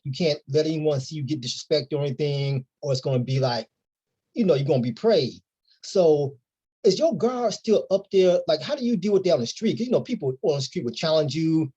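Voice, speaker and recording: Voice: medium pitch, dark tone, husky, highs cut off. An interviewer asking casual questions and murmuring short affirmations.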